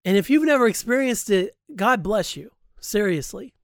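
A man's voice: high-pitched, lively intonation, normal speed, fairly bright tone, dry recording, clean studio sound. A man hosting a podcast, talking candidly and emphatically in a personal monologue, swearing freely. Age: adult, grew up past high school. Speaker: podcast host.

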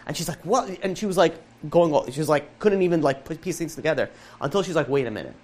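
A man, a rabbi, telling a moving story to a live audience, acting out the dialogue in quick asides. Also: on the high side, a little mellow.

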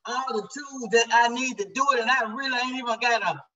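A man's voice: very high voice, steady tone, a little fast, crowd noise. A man in an online meeting, close to tears, speaking earnestly in casual slang. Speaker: meeting participant. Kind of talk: casual emotional sharing. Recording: distant from the mic.

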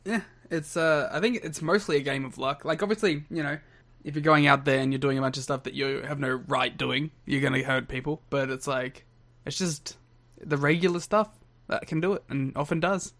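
A man's voice: a little high, moderate pace, a bit bright. A man co-hosting a casual podcast, joking around, laughing often and putting on voices. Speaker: podcast co-host.

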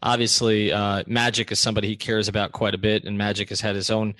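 A man's voice: on the low side, flat delivery, quick pace, fairly bright tone, no room sound. A man hosting a podcast, setting up background at length before asking his questions in a conversational way. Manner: conversational, thorough, sets up context before asking. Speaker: podcast host.

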